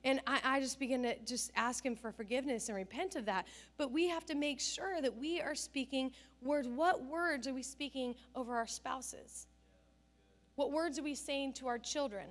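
A woman's voice: high voice, moderate pace. A woman pastor preaching a conversational sermon, telling stories with self-deprecating humor.

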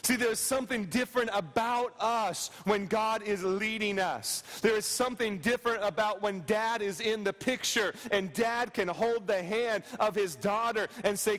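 A pastor preaching a sermon to his congregation, repeating key phrases and sinking soft and slow on them, with quick storytelling asides. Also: sits high, in a large hall, faint music behind. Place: church sanctuary.

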